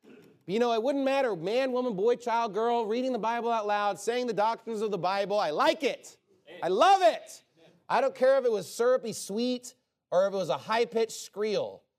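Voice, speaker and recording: A man preaches a sermon in a fairly high voice. He talks in a conversational, emphatic way and keeps asking rhetorical questions, then answers them firmly. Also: animated, normal speed, darkish tone.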